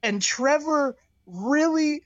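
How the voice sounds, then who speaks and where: With a high, expressive voice and a slow pace, a young woman giggles her way through a funny story packed with fillers in casual conversation. The recording is dull, lo-fi, and dry, with no room sound.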